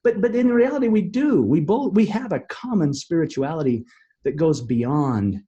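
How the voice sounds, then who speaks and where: Middle-aged male guest, mellow voice; earnest storyteller who stumbles and restarts. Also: a little high, lively intonation, husky, dull audio. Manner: earnest, halting with many restarts. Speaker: podcast guest. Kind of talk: storytelling in an interview.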